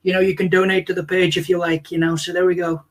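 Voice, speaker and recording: A man's voice: high voice, little pitch movement, a little hiss or hum, lightly acted. A comedian voicing a boastful older male politician who rambles and praises himself. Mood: pompous. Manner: pompous, repetitive, drawn-out boasting. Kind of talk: comic impression on a livestream.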